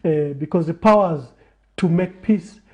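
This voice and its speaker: A man on a TV interview show who speaks in a measured way, building his points through repeated phrases. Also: on the high side, muffled recording. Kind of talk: reflective talk in a TV interview.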